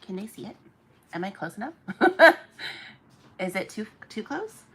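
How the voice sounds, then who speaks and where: A woman's voice: mid-range voice, sing-song, a little slow, fairly bright tone. A woman hosting a live online auction, chatting casually with viewers and laughing often. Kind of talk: casual live-stream chat.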